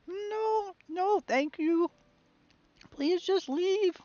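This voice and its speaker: A woman reading the lines of a shy, lonely little boy who hides in his room, quiet and plaintive. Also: very high voice, drawn-out words, no echo, highs cut off, voice pushed up, heavily acted. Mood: sad.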